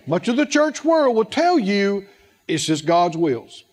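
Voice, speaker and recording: A man's voice: high-pitched, big pitch swings, measured pace. A man preaching a sermon, asking the congregation questions and repeating words for emphasis.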